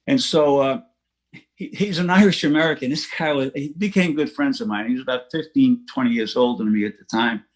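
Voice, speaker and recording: Older man, middle pitch, plain-spoken storyteller at a recovery meeting, restarts and small laughs, online-meeting audio. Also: fairly quick. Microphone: online meeting from home.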